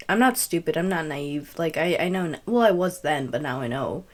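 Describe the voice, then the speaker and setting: A woman's voice: low voice, animated, a little fast. A young woman telling a personal story in a casual, rambling way, full of fillers and self-corrections. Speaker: podcast host.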